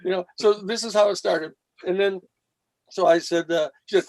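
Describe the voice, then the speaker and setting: A man's voice: sits high, normal speed, dry recording. A man guest on a panel show, telling long stories and acting out quoted speech with blunt, salty language. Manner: animated, acts out quoted speech with profanity. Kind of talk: storytelling in a panel discussion.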